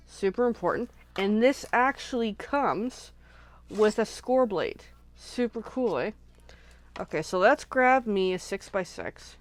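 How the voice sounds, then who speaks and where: A woman's voice: mid-range voice, expressive, slow pace, pauses often. A woman hosting a casual live crafting session, chatting and rambling as she thinks aloud while she works at her craft desk. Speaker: craft channel host.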